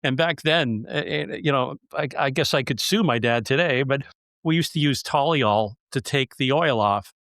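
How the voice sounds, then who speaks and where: A man's voice: medium pitch, moderate pace, a bit bright, no echo, clean studio sound. A man hosting a podcast interview, telling stories in a chatty, joking way. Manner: storytelling, jokey and chatty. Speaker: podcast host.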